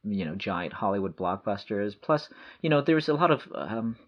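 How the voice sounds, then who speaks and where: A man in casual chat, speaking in a measured, hesitant way with many "you know" fillers. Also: on the low side, expressive. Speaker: video store co-host. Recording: dull lo-fi audio.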